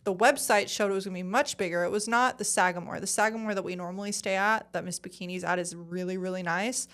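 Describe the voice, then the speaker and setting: A woman's voice: mid-range voice, fast talker. A young woman from Arizona, a podcast guest, telling a story casually and acting out what people said. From Arizona, USA. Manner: animated, acts out quoted dialogue, frequent "like".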